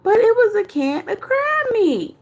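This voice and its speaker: Animated high-voiced woman livestream commentator. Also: unhurried, a little hiss or hum. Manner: animated, profane storytelling; thanks viewers mid-story. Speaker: commentary host.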